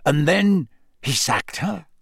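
A man's voice: fairly high pitch, expressive, creaky, husky, dry recording, studio quality, voice pushed up, exaggerated voice. A man reading aloud, voicing a grave, brooding adult man who mutters thoughtfully in a storybook. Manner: muttering, measured.

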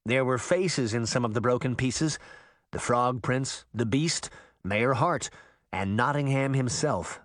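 A man narrating a story aloud with expressive storytelling. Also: medium pitch, unhurried, no echo, clean studio sound. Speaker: audiobook narrator. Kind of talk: scripted narration.

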